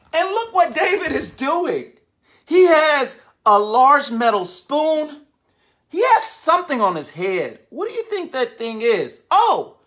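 A woman reads a picture book aloud to young children, slow and unhurried. Her voice sits a little high and swoops all over as she asks the kids questions. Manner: animated, questions the listeners. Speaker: storyteller reading to children.

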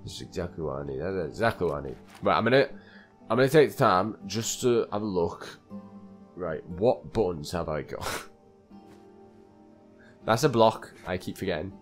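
A man's voice: sits low, animated, moderate pace, pauses often, soft background music. A man giving live gameplay commentary, talking to himself in a flustered way and repeating phrases as he plays. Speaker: gaming channel host.

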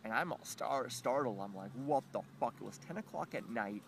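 A man telling a rambling, profane story about a neighbour dispute, halting and full of fillers, with high squeaky voices for the other people in it. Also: expressive, creaky, background noise.

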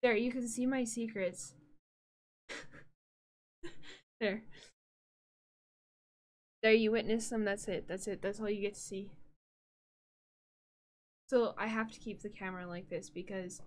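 A woman streamer chatting casually on a live stream from a room at home, bubbly and easily distracted, breaking into excited squeals. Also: mid-range voice, measured pace, long pauses. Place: home room with green screen.

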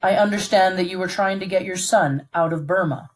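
A woman reading aloud who voices a stern, composed middle-aged army colonel in a calm, formal, measured way. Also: lowish voice, voice pushed up, lightly acted. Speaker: read-aloud narrator voicing a character.

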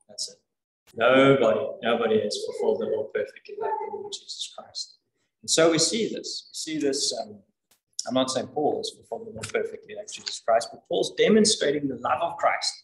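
A man preaching a sermon in an earnest, animated way, repeating words for emphasis. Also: mid-range voice. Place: church. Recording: echoey church hall.

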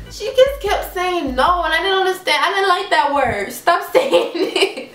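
Young woman vlogger, high-voiced and dramatic, recorded in an echoey room with faint music behind. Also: moderate pace, hardly any pauses, far from the mic. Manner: animated, dramatic, mimics mom, laughs often. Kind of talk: casual storytelling vlog.

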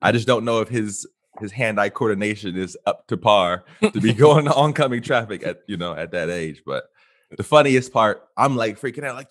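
A man telling a funny story on a casual podcast, animated and laughing often. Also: on the low side, normal speed. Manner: animated, yells in quoted lines, laughs a lot. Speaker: podcast co-host.

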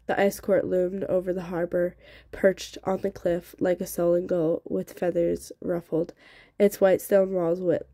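A woman narrates a novel in a steady, expressive reading voice. Her tone is soft and mellow, and the recording is dry and close with no room echo. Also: on the low side. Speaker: audiobook reader.

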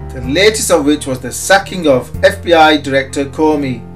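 Guy reading a market commentary, kinda high voice, punchy and sarcastic, soft music under it. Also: normal speed. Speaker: market analyst. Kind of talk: scripted commentary.

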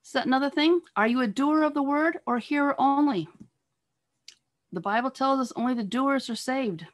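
Her voice is high as she delivers a heartfelt church talk on marriage via video call. Again and again she challenges listeners with rhetorical questions, occasionally stumbling into fillers and starting sentences over.

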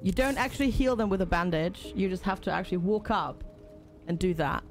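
A woman's voice: on the low side, expressive, brisk, faint music behind. A woman casually commenting on a game during a live stream, reading on-screen tutorial text aloud and chatting with and thanking viewers.

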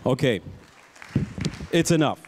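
A man's voice: mid-range voice, animated, slow, in a large hall, a faint crowd, a little hiss or hum. A man with a German accent hosting an awards night on a theatre stage, playful and teasing, switching between English and German. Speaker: awards show host. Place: theatre stage before a live audience.

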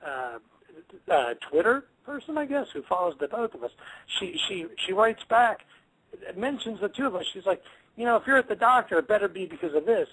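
Husky high-voiced man rambling jokes. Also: sing-song, fairly quick, fairly bright tone, rough recording. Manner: joking, rambling with stammered restarts. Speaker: guest. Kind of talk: casual comedic chat.

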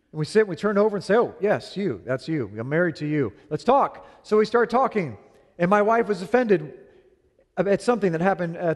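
A middle-aged male pastor preaching a sermon, telling a story with animated delivery and acting out both sides of a quarrel. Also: on the high side. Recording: long hall reverb.

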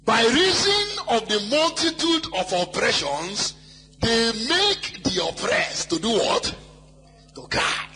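A male pastor preaching a sermon, reading scripture slowly and shouting key phrases, at times mimicking wailing worshippers in a sing-song cry. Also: very high-pitched, sing-song. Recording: live hall with long reverb and faint music.

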